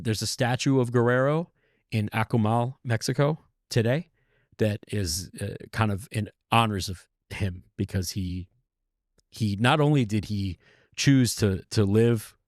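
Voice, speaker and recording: A man with a somewhat low voice tells a history story in a loose, conversational way, stopping to correct himself and now and then swearing. The sound is dry and close. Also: dry recording. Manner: rambling, self-correcting, conversational with occasional swearing. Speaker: podcast host.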